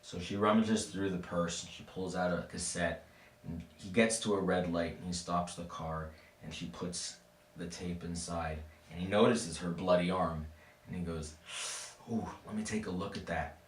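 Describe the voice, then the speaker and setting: A man's voice: low-pitched, fairly even intonation, moderate pace, slight background noise. A man telling a spooky story in a casual, playful way, with asides to his listeners. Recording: echoey room, mic at a distance.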